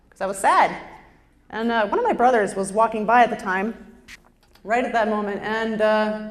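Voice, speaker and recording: A woman doing stand-up storytelling on stage with a lapel mic, in a chatty, self-deprecating way. Her voice sits at a middle pitch for a woman. The sound carries a roomy echo from the stage hall around her. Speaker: stand-up performer. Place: stage before a live audience.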